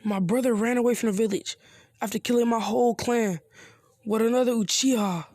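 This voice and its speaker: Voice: mid-range voice, brisk, darkish tone, no room sound, studio quality, close to an everyday voice. A narrator voicing a brooding, vengeful boy ninja in a bitter, casual storytelling voice.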